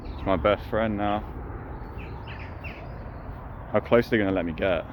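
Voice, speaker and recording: A man with a very low voice chats casually through an outdoor vlog by a pond, rambling from joke to joke. Traffic and street noise sit clearly behind him in the recording. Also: measured pace, pauses often, dull audio. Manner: rambling, jokey, talks to the ducks. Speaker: vlogger. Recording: noisy outdoor street sound.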